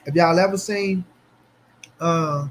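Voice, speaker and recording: A man hosting a casual boxing livestream, speaking in an animated, slangy way as he answers his chat. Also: fairly high pitch, slow pace. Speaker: boxing commentary channel host.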